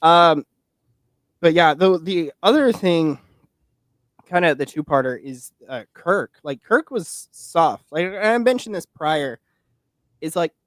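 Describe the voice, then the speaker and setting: A man's voice: on the high side, lively intonation, slow pace, long pauses, no echo, clean studio sound. Rambling young man talking politics. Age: 20s. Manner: rambling, many fillers and restarts. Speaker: podcast guest and political commentator. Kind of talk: casual political chat.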